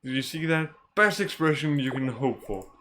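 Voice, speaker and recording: A man voicing a gruff old bearded shopkeeper who scolds and mentors a young boy, reading game dialogue aloud in a slow, deliberate way. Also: mid-range voice, animated, bright, forceful tone, slight background noise. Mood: instructive.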